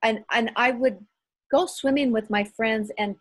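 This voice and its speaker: A middle-aged woman, a guest author, telling stories in an animated, self-deprecating way during a casual interview. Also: a little high, measured pace.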